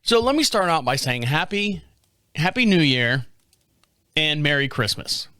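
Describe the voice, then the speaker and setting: A man's voice: fairly high pitch, sing-song, a little slow, pushed and bright, clear, resonant tone, no room sound, clean studio sound. A man in his fifties with an American accent, hosting a casual solo chat show, rambling with restarts and swearing. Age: 50s. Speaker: podcast host.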